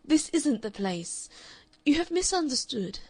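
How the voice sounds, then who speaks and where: A woman's voice: on the high side, animated, moderate pace, creaky, darkish tone, husky, dry recording, pitched above the performer's own voice, full character voice. A woman reading the part of a flustered young woman who earnestly and politely refuses a suitor. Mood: insistent. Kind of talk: audiobook character reading.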